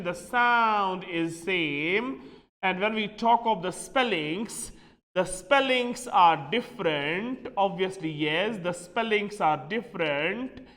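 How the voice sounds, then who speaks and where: Brief: Indian English male teacher, high pitch, spells words out letter by letter, mixes in Hindi. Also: fairly bright tone. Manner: addresses "my dear friends", spells words letter by letter; switches between English and Hindi. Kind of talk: classroom lesson. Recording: long hall reverb.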